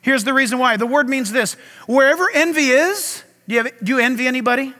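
A man preaching with passion from a pulpit, his voice very high and bright, ringing through a large hall with a long echo. He swings between near-shouts and hushed asides as he works the congregation. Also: fast talker. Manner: impassioned, loud preaching with dramatic swings. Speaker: pastor. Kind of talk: sermon.

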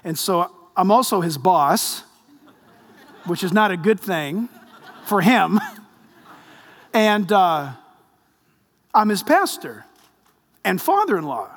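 A man in his fifties, a pastor preaching a sermon with lively storytelling and jokes. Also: high voice, slow, pauses often. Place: large church hall. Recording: long hall reverb.

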